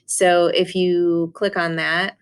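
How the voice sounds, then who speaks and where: A woman teacher speaks in a slightly low, everyday voice as she talks her class through a lesson. She is casual and unscripted, with frequent fillers and restarts. The pace of her talk shifts often. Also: little pitch movement, slow pace, clear, resonant tone. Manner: casual, many ums and restarts. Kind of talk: recorded class lesson and screen walkthrough.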